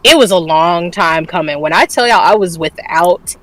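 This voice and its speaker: A woman's voice: lowish voice, moderate pace, poor audio. A woman co-hosting a casual streamed talk show, telling a personal story candidly, swearing freely and laughing often. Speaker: podcast co-host. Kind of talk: casual chat.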